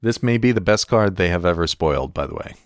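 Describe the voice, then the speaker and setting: A low-voiced man chats wryly on a podcast, chuckling as he reads card text aloud. The recording is dry and close, with no room sound. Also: animated, quick pace, clear, resonant tone, no room sound. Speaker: podcast co-host. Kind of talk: casual chat reviewing game cards.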